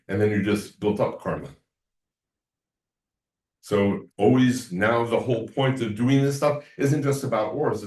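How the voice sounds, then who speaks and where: A man lectures a class in a low voice, rambling from story to story. He is picked up from across an echoey room. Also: darkish tone, recorded from a distance. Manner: rambling storyteller, acts out quoted talk.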